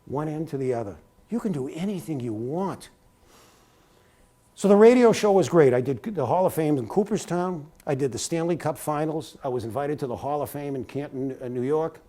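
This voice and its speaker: A middle-aged man giving an animated talk at a university, telling career stories and sometimes breaking into a sportscaster's cadence. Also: on the high side, normal speed. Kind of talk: motivational talk with anecdotes. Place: lecture hall at a university.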